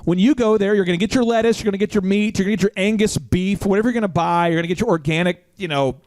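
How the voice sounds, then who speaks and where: Fast, high-pitched, hyped-up podcast host. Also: male voice, no room sound. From Oklahoma. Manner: hyped, shouting bursts, playful asides. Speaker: podcast host, business coach. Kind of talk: energetic podcast banter. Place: studio.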